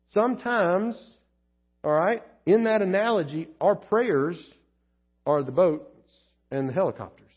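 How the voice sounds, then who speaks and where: A man preaching a sermon as pastor, telling stories with lively acted-out voices. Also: high-pitched, normal speed, muffled recording. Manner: animated storytelling, acting out quoted voices.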